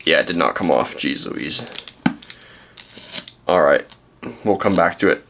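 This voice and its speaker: A man's voice: sits low, expressive, a little slow, vocal fry, background noise. A young man from Canada, chatting casually and rambling with lots of ums while showing the books he found. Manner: rambling, self-deprecating, many ums and restarts. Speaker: book vlogger.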